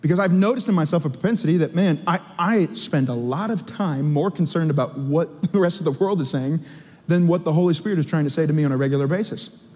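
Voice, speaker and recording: A man preaching a sermon in an animated, conversational way to his congregation in a church. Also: on the high side, fast talker, big-room sound. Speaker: pastor. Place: church sanctuary.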